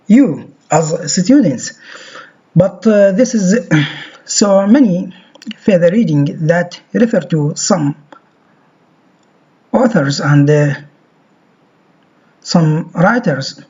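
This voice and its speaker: A man's voice: high voice, animated, extremely slow, pauses often, mellow, breathy edge. A man giving a recorded phonetics lecture, reading from a textbook and repeating example words over and over. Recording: dull lo-fi recording.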